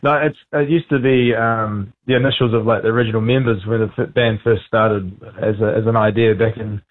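Kiwi bloke chatting over the phone, chill and laughy, sounds thin and tinny. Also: male voice, lowish voice, brisk. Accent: New Zealand. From New Zealand. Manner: relaxed, laid-back, laughs easily. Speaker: band frontman guest. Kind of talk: phone interview.

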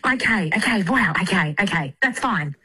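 A woman on a phone call, excitable. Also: medium pitch, brisk. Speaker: caller on phone. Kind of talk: phone conversation. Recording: phone call with clear background noise.

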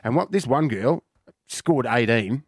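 An Australian man hosting a radio show, telling a lively anecdote and acting out the people in it. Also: mid-range voice, unhurried, no room sound, clean studio sound. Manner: animated, acts out voices in anecdotes. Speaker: radio host. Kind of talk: casual on-air storytelling.

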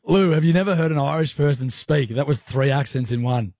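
A man's voice: on the high side, a little fast, a little mellow, no room sound. A man hosting a radio show, teasing his co-host in playful, casual banter. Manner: teasing, playful, laughs often. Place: radio studio.

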